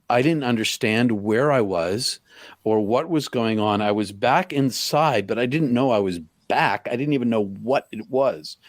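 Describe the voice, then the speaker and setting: A middle-aged man recounts a personal story in a halting way, full of stops and restarts. His voice sits at a medium pitch. It is recorded dry, with little room sound. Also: no echo. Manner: halting, full of restarts, acts out quoted lines loudly. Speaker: podcast guest.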